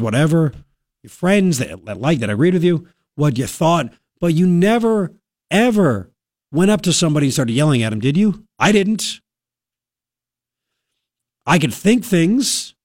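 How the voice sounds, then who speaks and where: A man's voice: on the high side, very animated, measured pace, a little mellow, dry recording. A man hosting a talk radio show, ranting with sarcastic indignation into a studio microphone.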